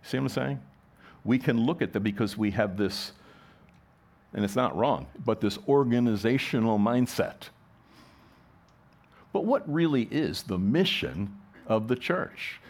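A man's voice: medium pitch, lively intonation, a little slow, pauses often. A middle-aged man, a pastor, preaching a sermon in a conversational way, full of rhetorical questions and restarts.

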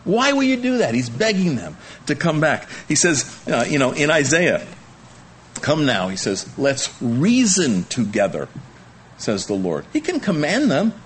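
A man preaching a sermon to a congregation, pleading and emphatic, with lively swings in his delivery. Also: measured pace, a little hiss or hum. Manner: animated, pleading emphasis with wide pitch swings. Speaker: pastor. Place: church room with a congregation.

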